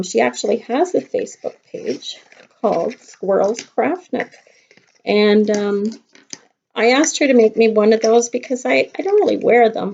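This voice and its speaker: Chatty kindergarten teacher with a gravelly voice. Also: female voice, fairly high pitch, mellow. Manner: chatty, playful, talks straight to kids. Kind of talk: craft lesson for young children. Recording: dull lo-fi home video sound.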